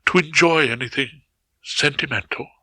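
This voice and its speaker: A man's voice: fairly high pitch, moderate pace, sharp tone, dry recording, voice pushed up, low-quality recording. A man voicing a fussy middle-aged wife in a genteel, prim manner, in an audiobook. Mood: coy. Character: fussy middle-aged English wife, coy then bossy. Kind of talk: audiobook character voice.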